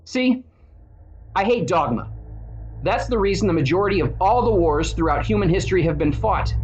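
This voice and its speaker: A man's voice: sits high, animated, fast, muffled recording, slight background noise. A man in his forties with a wry, irreverent manner, delivering a scripted monologue as a video host. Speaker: church founder and video host.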